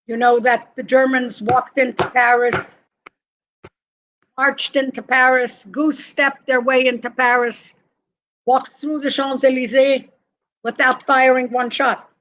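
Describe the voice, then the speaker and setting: Older woman with a high-pitched voice, an emphatic storyteller, interviewed. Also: fairly bright tone, poor audio. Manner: emphatic, vivid family storyteller. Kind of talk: personal storytelling.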